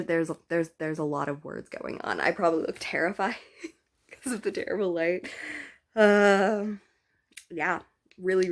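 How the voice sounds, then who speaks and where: A woman talking casually in a book vlog, husky and sick with a cough, rambling with many "like" fillers. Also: lowish voice. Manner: rambling, full of "like" fillers, animated rants. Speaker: book vlogger. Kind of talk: casual chat. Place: indoors at home.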